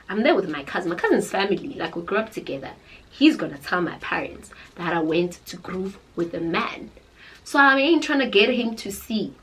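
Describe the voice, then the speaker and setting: A young woman with a South African accent, telling a storytime tale in a dramatic, animated way. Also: on the low side, poor audio. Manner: animated, dramatic, code-switching into Zulu. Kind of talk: casual storytime chat.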